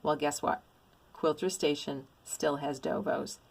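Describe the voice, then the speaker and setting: A woman's voice: low-pitched, little pitch movement, measured pace, gravelly, slightly rough. A middle-aged woman vlogging a craft haul in a casual, gushing, exclamatory way. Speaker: cross-stitch vlogger. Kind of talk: casual show-and-tell haul.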